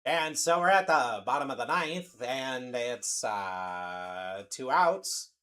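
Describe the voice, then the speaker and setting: A man putting on the voice of a raspy male baseball play-by-play announcer, pausing between his phrases. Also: mid-range voice, expressive, sharp tone, voice pushed down. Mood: mock-serious.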